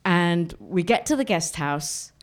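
A woman's voice: on the low side, animated, slow. Woman telling a vivid anecdote. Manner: vivid, dramatic, repeats herself. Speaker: storyteller. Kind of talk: personal anecdote.

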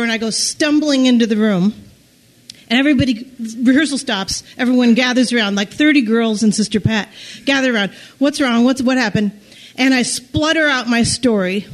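High-voiced woman telling a personal story. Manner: halting, with frequent restarts and nervous laughs.

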